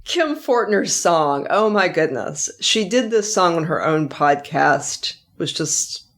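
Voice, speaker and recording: A woman's voice: fairly low pitch, very animated, takes it slowly, fairly bright tone. A middle-aged woman, an author hosting her own podcast, reflecting in a chatty way and laughing now and then. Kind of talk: casual author commentary.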